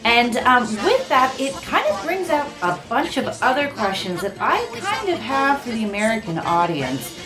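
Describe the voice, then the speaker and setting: Woman vlog host, mid-pitched and very animated, wry and chatty, speaking over soft background music. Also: normal speed, hardly any pauses. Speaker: founder and director of an education consultancy, vlog host. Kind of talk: casual talk to camera.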